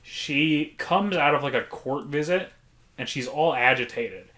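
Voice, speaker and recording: A man's voice: a little high, unhurried, reverberant. A man co-hosting a podcast, casually telling work stories with lots of swearing. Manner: swearing, animated storyteller who acts out quotes. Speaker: podcast co-host. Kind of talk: casual chat.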